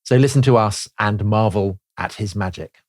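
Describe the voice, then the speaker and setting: A man's voice: on the low side, normal speed, darkish tone, faint music behind. A man co-hosting a history podcast in a theatrical, teasing style. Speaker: podcast co-host.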